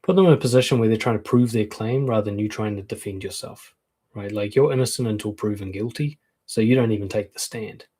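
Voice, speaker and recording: A man's voice: lowish voice, fast talker, warm tone, husky. A man coaching on relationships in a live-streamed talk, frank and conversational, acting out quoted comebacks.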